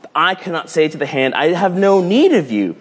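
A man's voice: on the high side, brisk, husky. A man preaching a casual, playful sermon, telling a story and often restarting his phrases. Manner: animated, rambling with restarts, playful.

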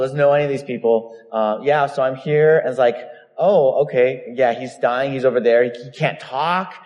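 Man, pastor preaching, storytelling sermon, mid-pitched voice, long hall reverb. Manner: storytelling, animated, acts out quoted voices.

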